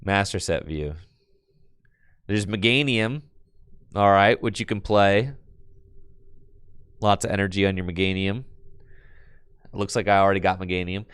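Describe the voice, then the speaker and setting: A man streaming a card game on his computer, chatting casually and excitably with his viewers in slang, with bursts of laughter. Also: low voice, measured pace, long pauses, smooth, no room sound. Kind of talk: casual live-stream chat while playing a card game.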